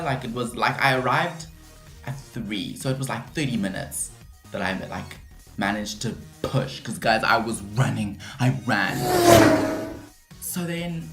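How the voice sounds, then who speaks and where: Young girl doing a storytime, lively and dramatic, echoey room. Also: rumbling low, a little slow, faint music behind. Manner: animated, dramatic retelling with lots of "like". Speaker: vlogger. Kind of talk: storytime vlog.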